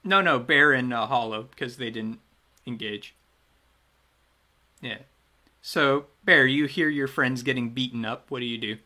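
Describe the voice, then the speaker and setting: A man acting as game master for a tabletop game, unhurried and easygoing. His voice is bright and forward. He narrates in a loose, chatty way, trailing off and picking his thread back up. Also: medium pitch.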